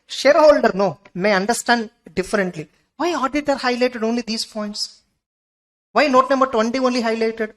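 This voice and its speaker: A woman's voice: on the high side, a bit bright, poor audio. A woman with an Indian English accent teaching an exam-prep lecture, keeps asking the class whether they follow.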